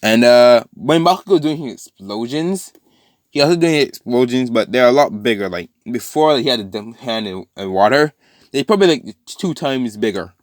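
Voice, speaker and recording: A man improvises a fan-fiction story, doubling back to correct details and plugging gaps with "uh" and "like." He briefly slips into character quotes, then returns to plain narration. His animated, middling-pitched voice moves at a moderate pace and sounds dry and close, with no room sound.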